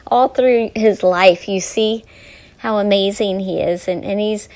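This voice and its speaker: A woman's voice: mid-range voice, unhurried, darkish tone. A woman hosting a devotional talk while she paints, telling the story earnestly and often dropping to a near whisper. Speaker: host.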